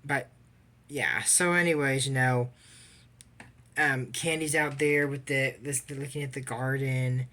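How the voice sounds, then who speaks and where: A bright, forward voice rambles through an anime episode recap in a casual vlog. The speaker leans on fillers and stops often to give blunt opinions about the characters. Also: mid-range voice, fairly even intonation, a little slow.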